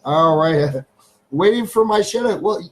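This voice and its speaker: A man's voice: a little high, lively intonation, unhurried, a little hiss or hum, poor audio. A Canadian man hosting a casual live stream from his home studio. He chats loosely, repeats his phrases, and calls out to his pets.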